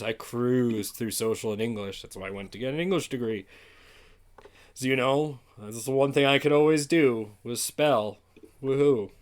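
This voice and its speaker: A man from Canada, a podcast co-host, telling a school story in casual chat and swearing freely. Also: medium pitch.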